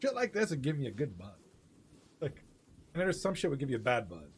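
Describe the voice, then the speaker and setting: A man's voice: medium pitch, huge pitch swings, a little fast, slightly rough. A man hosting a live stream, chatting casually, laughing often, swearing freely and reading chat aloud. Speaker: host of an online hockey game league stream.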